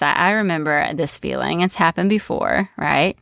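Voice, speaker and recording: A woman speaks as a coach in a relaxed, conversational monologue. Her voice sits low and has a gravelly fry. She keeps checking in with "right?" and laughs lightly now and then, recorded dry and close. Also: normal speed, few pauses, dry recording. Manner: conversational, often ends with "right?"; laughs lightly between points. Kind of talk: solo podcast-style monologue.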